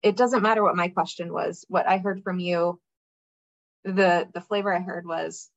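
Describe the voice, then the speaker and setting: A woman's voice: on the low side, steady tone, moderate pace, creaky, no room sound. A woman leads a group coaching call, guiding a participant with direct, encouraging prompts. Her voice is dry and close, with dull, slightly muffled call audio. Her delivery stays practical and supportive.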